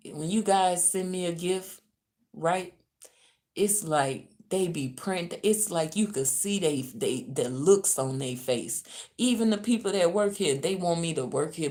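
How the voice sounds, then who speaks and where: Brief: Louisiana woman, spiritual reader venting on a live stream, deep, slow, cussing, drops to mutters then flares up. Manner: profane, venting, swings from muttering to loud. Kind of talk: ranting livestream. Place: hotel room.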